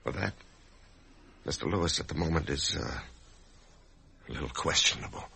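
An actor playing an anxious office worker who expects to die, narrating and speaking in a hesitant, stammering way in an old radio drama. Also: male voice, extremely low pitch, moderate pace, gravelly, pushed and bright, a little hiss or hum, exaggerated voice. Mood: flustered. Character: anxious male office worker facing death. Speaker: narrator and lead character. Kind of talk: 1950s radio drama acting.

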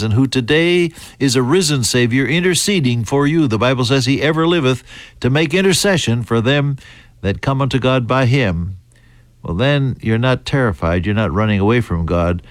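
American male Bible teacher, mid-pitched, deliberate delivery with restarts, dry close sound. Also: animated, no room sound. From United States. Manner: deliberate, halting, with fillers and restarts. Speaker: preacher.

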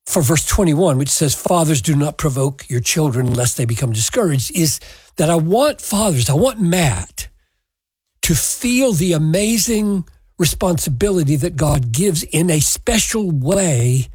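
Slow, husky-voiced male preacher. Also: a little high, expressive, a little mellow, no echo, poor audio. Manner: measured, emphatic scripture exposition. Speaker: pastor. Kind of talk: sermon.

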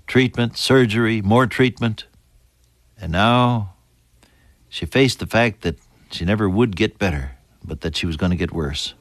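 A man preaching a sermon, earnest, building to emphatic high points and then falling soft and hushed. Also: measured pace, no echo.

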